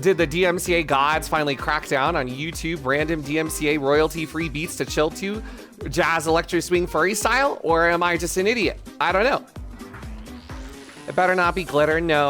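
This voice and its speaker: A man's voice: on the high side, normal speed, bright, forceful tone. A man streaming live, chatting casually with viewers in a rambling, self-mocking, profane way, with faint music behind. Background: faint music playlist.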